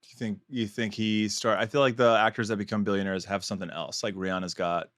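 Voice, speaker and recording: A man's voice: fairly low pitch, fairly even intonation, fast, fairly bright tone, dry recording. Man, podcast co-host, casual chat, sarcastic, laughs a lot, dry close sound. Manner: joking, sarcastic, laughs often.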